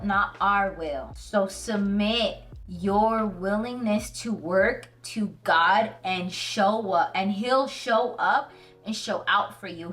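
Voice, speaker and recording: Woman vlogger, casual slangy Bible talk, earnest and emotional, distant mic, faint music under. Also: mid-range voice. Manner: animated, slangy storytelling. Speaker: Christian video host.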